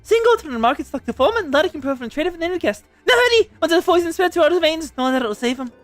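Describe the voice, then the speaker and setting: A man voicing a fierce, domineering middle-aged mother with a pan, reading game dialogue in a brisk, scolding manner. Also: very high-pitched, expressive, soft background music, pitched above the performer's own voice. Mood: fussing.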